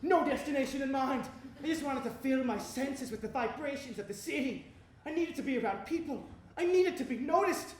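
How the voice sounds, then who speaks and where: An actor playing a sad, needy, self-pitying husband in a live comic stage monologue, grumbling and then bursting into shrill yelling. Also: male voice, a little fast, a little hiss or hum. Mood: glum. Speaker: stage comedy performer. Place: theatre stage with a live audience. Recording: echoey live stage recording with crowd and music.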